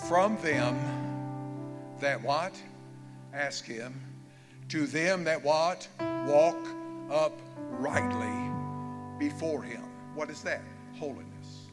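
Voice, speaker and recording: A man, preaching a fervent sermon and pressing the congregation with repeated questions. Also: on the high side. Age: 70s. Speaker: pastor. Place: church sanctuary. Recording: long hall reverb, faint music.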